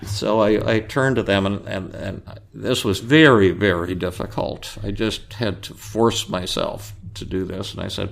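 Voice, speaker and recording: A male psychiatrist hosting a podcast tells an anecdote in a relaxed, halting way, full of fillers and restarts. His voice sits low and has a gravelly fry to it. He lifts his voice to act out the people he quotes. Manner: acts out quoted voices louder. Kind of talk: casual anecdotal storytelling.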